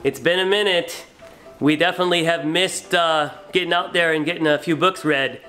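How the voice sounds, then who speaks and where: A teacher hosting a children's read-aloud, introducing a picture book in a friendly, lively tone. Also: mid-range voice, moderate pace, poor audio. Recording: soft background music.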